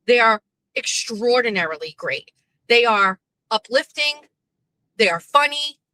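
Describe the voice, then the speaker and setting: A woman's voice: a little high, animated, measured pace, pushed and bright, no room sound, low-quality recording. A middle-aged woman hosting her own show, venting bluntly and profanely in a rambling monologue from her parked car. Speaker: host.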